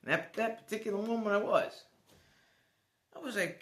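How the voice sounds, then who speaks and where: A man telling a personal story to the camera in a casual vlog, animated and swearing now and then. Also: high-pitched, normal speed, long pauses, roomy sound. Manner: animated, swears, laughs as he tells it. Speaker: vlogger.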